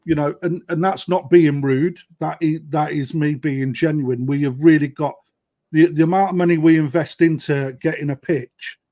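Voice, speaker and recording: A man's voice: a little high, steady tone, normal speed, dark tone. Blunt, emphatic man with a raised voice. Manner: blunt, emphatic, keeps adding "right?". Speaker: koi dealer guest. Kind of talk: casual live-stream chat.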